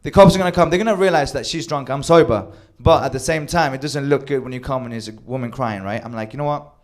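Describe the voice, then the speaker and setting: A man telling a wild personal story with animated delivery, acting out quoted lines and swearing freely. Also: mid-range voice, fast talker. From Sweden. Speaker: storyteller on a comedy show. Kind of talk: live comedic storytelling.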